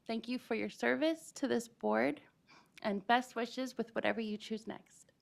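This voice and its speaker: A school board member reading prepared, deliberate remarks at a meeting. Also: female voice, fairly high pitch, vocal fry.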